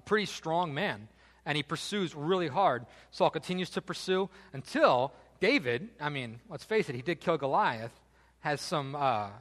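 A pastor tells his sermon as a lively story, his pitch leaping up and down. His voice is bright and forward, with throwaway jokes between points. A long hall reverb trails every phrase. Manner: animated storytelling with casual asides.

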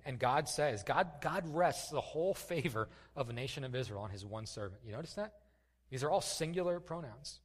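Brief male pastor, mid-pitched, chatty sermon delivery, long hall reverb. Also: slightly rough. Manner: conversational preaching with many fillers and restarts.

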